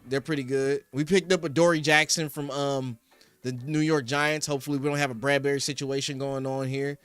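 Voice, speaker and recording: A man's voice: mid-range voice, level tone, fairly quick, fairly bright tone, clear, resonant tone. A young man from Philadelphia hosting a casual sports show, rambling through talk and answering his live chat, and now and then working himself up into heated rants. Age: young adult. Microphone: studio podcast mic.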